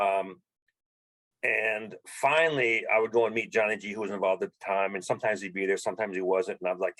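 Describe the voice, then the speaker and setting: A middle-aged man telling animated stories as an interview guest, acting out the dialogue. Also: on the low side, husky, rough recording. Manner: animated storyteller, acts out dialogue. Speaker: podcast guest, bike fitter. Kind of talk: storytelling interview.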